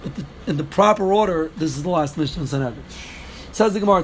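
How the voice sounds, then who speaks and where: A man's voice: fairly high pitch, quick pace, a little hiss or hum. A man teaching a daily Talmud class, explaining step by step, repeating key phrases and answering students' questions.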